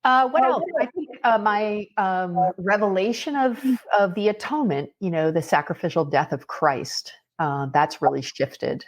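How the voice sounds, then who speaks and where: Animated woman telling stories. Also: medium pitch, moderate pace, few pauses. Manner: animated storyteller with frequent fillers. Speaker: podcast guest, author and speaker. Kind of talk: casual podcast conversation.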